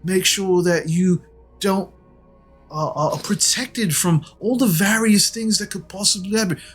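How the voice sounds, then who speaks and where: A sneering corrupt city guard with a husky, raised voice, as a man puts him on. He drawls mock-polite threats while demanding payment, enjoying his own menace. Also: high-pitched, steady tone, a little slow, fairly bright tone, soft background music, voice pushed up, heavily acted. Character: smug corrupt male city guard running an extortion racket.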